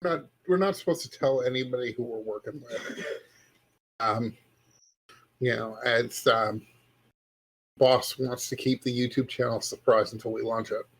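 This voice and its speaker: A man playing in a tabletop game, joking in a deadpan way. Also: medium pitch, unhurried, long pauses, slightly rough, poor audio. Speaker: player. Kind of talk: tabletop role-play chat.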